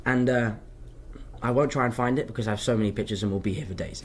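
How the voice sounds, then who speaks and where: A man's voice: mid-range voice, fast. A young man, an actor answering fan questions in a casual live Q&A, telling stories with self-mocking asides. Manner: animated, chatty storytelling, self-mocking asides.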